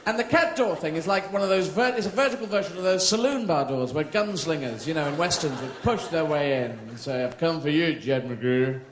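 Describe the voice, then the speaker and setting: A man in his thirties with a British accent, doing live stand-up in a theatre, rambling through surreal tangents with swearing and quick silly voices. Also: fairly high pitch, animated, crowd noise. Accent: British English. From Britain. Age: 30s. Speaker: stand-up comedian. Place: theatre stage before a live audience. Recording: echoey theatre with loud audience laughter.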